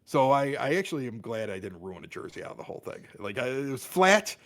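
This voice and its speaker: A middle-aged man telling a story as a podcast guest, animated and quick to act out what others said. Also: medium pitch. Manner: animated, exaggerated quoting of others. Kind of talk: casual storytelling.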